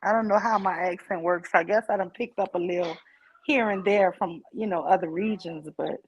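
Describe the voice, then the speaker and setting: A woman in her forties from New Orleans with a Southern accent, chatting emphatically on a video call and quoting people in lively voices. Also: on the low side, normal speed, slightly rough. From New Orleans, Louisiana. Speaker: panelist. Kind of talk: casual chat. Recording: slightly muffled audio.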